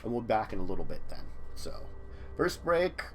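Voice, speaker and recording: A man's voice: lowish voice, very animated, brisk, slight background noise. Playful laughing game master man. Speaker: dungeon master. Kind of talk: running a tabletop game.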